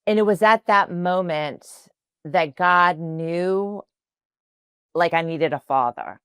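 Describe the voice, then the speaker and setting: Podcast guest, woman, Spanish first language, from New Orleans, low voice, heartfelt rambling storyteller. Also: slow pace, fairly bright tone, smooth, no echo, studio quality. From New Orleans, USA. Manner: earnest, emotional, many fillers. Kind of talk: personal faith storytelling.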